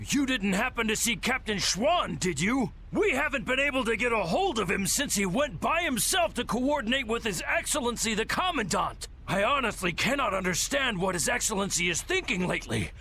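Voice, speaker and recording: An actor playing a pompous middle-aged knight captain in a video game, speaking in a formal, theatrical, indignant way. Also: male voice, very high voice, sing-song, a little fast, bright, forceful tone, a little hiss or hum, full character voice.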